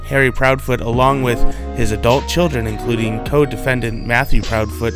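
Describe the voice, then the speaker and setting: A man presenting a local news bulletin in a steady newsreading manner, now and then breaking off for a joking aside. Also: mid-range voice.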